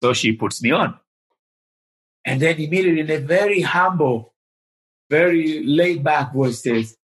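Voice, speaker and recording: An older man tells a story as an interview guest. He speaks in an animated way and brings the people in his story to life. His voice is pitched fairly high for a man. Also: unhurried, long pauses, poor audio. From Tanzania.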